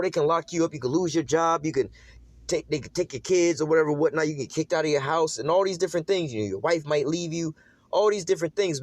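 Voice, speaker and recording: A man preaching an informal sermon in a casual, streetwise way, slowing down to read scripture aloud. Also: medium pitch, a little mellow, no room sound. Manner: casual and streetwise, calling listeners "man" and asking "all right?".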